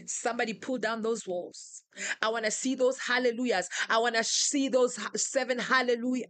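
A woman's voice: on the high side, steady tone, normal speed, fairly bright tone, no room sound. A woman preacher leading a live prayer session, fervently calling out names and declarations in rhythmic, repeated phrases. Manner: repetitive, rhythmic calls.

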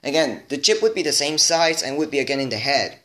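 A man's voice: a little high, expressive, fairly quick, fairly bright tone. A man making a casual video, chatting straight to his viewers as he shows off toy robots in a rambling way. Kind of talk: casual show-and-tell to camera.

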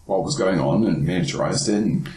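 A man's voice: sits low, brisk, a little mellow, roomy sound, rough recording. A man on a podcast panel, chatting casually, often repeating words as he starts a thought and swearing now and then. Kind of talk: casual chat.

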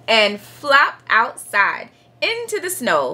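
A woman reading a picture book aloud for children as a storytime host, playful and animated, acting out sound-effect words. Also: sits high, slow pace. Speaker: storytime reader.

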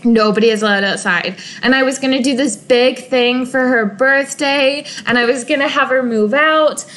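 A woman's voice: high voice, fairly even intonation, moderate pace, a bit bright, poor audio. A young woman giving casual, emotional commentary while playing a life-simulation game, often sighing over sad moments. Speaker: gaming video creator. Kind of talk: casual let's-play commentary.

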